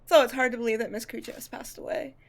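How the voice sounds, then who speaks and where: A woman's voice: fairly high pitch, fairly even intonation, fast talker, lightly acted. A woman reading the lines of a young male investigator with no memories in a game, plain and earnest.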